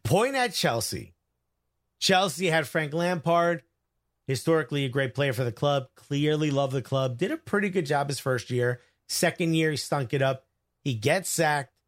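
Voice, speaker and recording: A man co-hosting a casual sports talk show, joking and giving quick opinions. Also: a little high, animated. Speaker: co-host.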